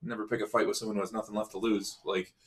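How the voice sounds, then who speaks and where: A man's voice: fairly low pitch, little pitch movement, rapid-fire. A man playing a tabletop game, hesitant and self-correcting as he talks in character. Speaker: player.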